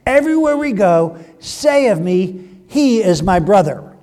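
A man's voice: sits high, very animated, a little slow, a little mellow, in a large hall, pitched above the performer's own voice. A man reading aloud a patriarch earnestly explaining why he lied. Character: patriarch explaining his deception.

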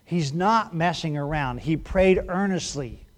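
A male pastor giving a sermon in a conversational way, moving between hushed moments and animated bursts. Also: fairly high pitch, normal speed, few pauses.

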